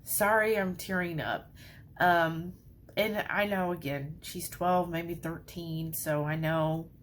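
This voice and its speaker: A woman's voice: on the low side, steady tone, slow pace, a little hiss or hum. A woman talking casually to her viewers in a vlog, full of fillers and y'alls. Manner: chatty, lots of fillers, says y'all. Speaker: vlogger.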